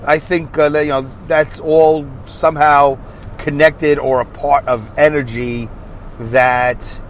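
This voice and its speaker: A man hosting his podcast alone, rambling through a monologue full of fillers and restarts while he drives. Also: medium pitch. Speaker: podcast host. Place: car driving on a highway. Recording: faint road noise in a moving car.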